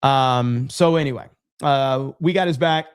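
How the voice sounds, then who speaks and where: This American podcast host speaks at a measured pace in a clear, resonant mid-range voice. On his casual livestream, he spins animated stories with blunt, heavily profane delivery.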